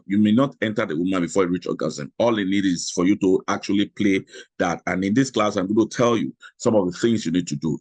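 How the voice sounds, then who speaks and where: A man's voice: low-pitched, no echo. A middle-aged man with a Nigerian accent teaching a class on marriage, chatty and frank, often repeating himself. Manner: chatty, repetitive, frank storytelling. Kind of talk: class lecture with stories.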